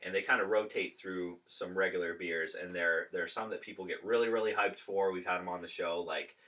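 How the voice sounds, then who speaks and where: Deep, bright-edged podcast co-host. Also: male voice, steady tone, fairly quick, recorded from a distance. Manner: enthusiastic, chatty with fillers. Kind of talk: casual podcast chat.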